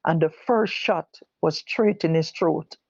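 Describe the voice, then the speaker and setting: Gravelly Jamaican woman telling her story. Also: low-pitched, a little mellow, no room sound, lo-fi sound. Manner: halting, repeats and corrects herself while quoting others. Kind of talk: personal testimony told live.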